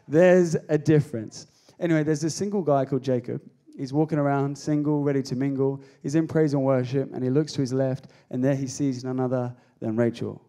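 A man preaching a comedic youth sermon, energetic and jokey, calling out to the crowd. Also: medium pitch, normal speed. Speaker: pastor.

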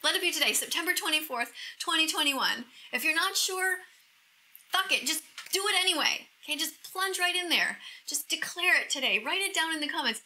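A middle-aged vegan activist vlogger with a high, piercingly bright voice reacts to a video, gushing emotionally to the camera and repeatedly dropping into breathy whispers. Her delivery is intense, heartfelt, expressive, and a little fast. The rough recording carries some hiss or hum.

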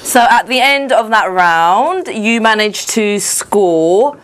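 A woman's voice: mid-range voice, animated, slow pace, a bit bright. A woman hosting a quiz show in a playful, teasing way, often laughing. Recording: noisy studio sound.

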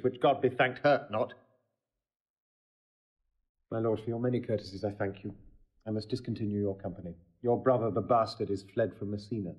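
An actor playing a grave soldier-lord who speaks in a cold, measured, earnest way in a stage play recording. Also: male voice, fairly low pitch, close to an everyday voice. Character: grave male soldier-lord issuing a challenge.

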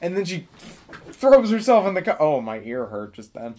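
A young man telling a story casually, rambling with many fillers and deadpan asides. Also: a little high, moderate pace.

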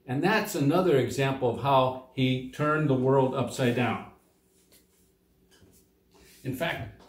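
A man's voice: medium pitch, darkish tone. A man teaching young children a Bible lesson, reading scripture and explaining it in simple words. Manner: simple, plain explanations for kids, reads quoted lines with lifted voice. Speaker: children's Sunday school teacher. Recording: echoey room.

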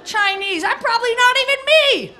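A woman's voice: very high voice, lively intonation, normal speed, pushed and bright. A woman doing crude, brash stand-up comedy on a club stage, heckling the audience. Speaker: stand-up comic. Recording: live club recording with crowd laughter and noise.

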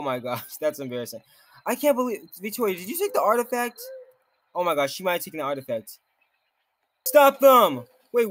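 A man giving jumpy gameplay commentary, exclaiming often and reading game text aloud. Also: high voice. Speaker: game streamer.

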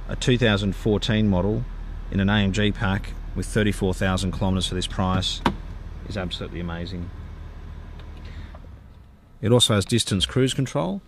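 A man's voice: low voice, a little hiss or hum. A man giving a gushing car-sales walkaround as a dealer. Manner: enthusiastic, gushing sales talk.

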